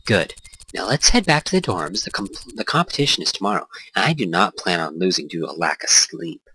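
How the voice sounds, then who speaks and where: Man doing a breezy scheming schoolgirl, reassuring, lively pitch, bright. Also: fairly quick, a little hiss or hum, exaggerated voice, low-quality recording. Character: carefree, scheming young female student.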